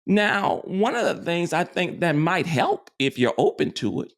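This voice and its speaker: A man with a high, gravelly voice, very animated yet unhurried, lectures informally on metaphysics from a spiritual angle. He rambles, keeps starting over, and caps lines with "you see."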